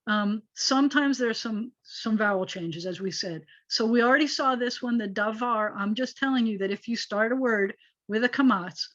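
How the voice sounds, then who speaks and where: A woman's voice: fairly high pitch, moderate pace. Woman rabbi teaching over video call. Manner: patient, explanatory, animated when making a point. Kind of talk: online class teaching. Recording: dull lo-fi video call audio.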